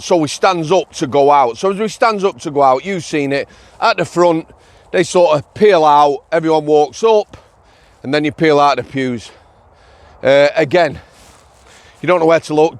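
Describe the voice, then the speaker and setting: A middle-aged man, a former prison officer hosting a podcast and telling a story in a rambling, anecdotal way with fillers. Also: on the high side. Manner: rambling anecdotal delivery with frequent fillers and chuckles. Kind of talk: casual storytelling monologue.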